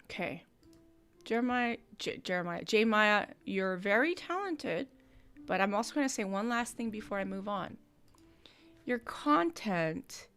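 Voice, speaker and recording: A woman with a bright, crisp voice and a somewhat high pitch hosts a live-stream song review. She coaches the artist through detailed vocal notes. A song plays faintly behind her. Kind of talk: live-stream feedback on submitted songs.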